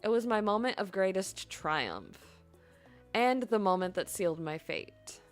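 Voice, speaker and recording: Maleficent, haughty and low, as a woman puts her on. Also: big pitch swings, unhurried, soft background music. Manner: haughty, grand, disdainful. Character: proud vengeful female fairy villain, imperious. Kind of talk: reading game dialogue aloud.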